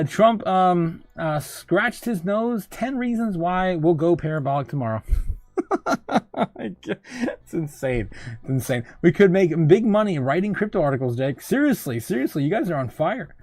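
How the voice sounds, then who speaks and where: Chatty crypto stream host, higher-pitched man. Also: no echo. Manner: chatty, frequent fillers and laughing asides. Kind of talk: casual livestream news and chat.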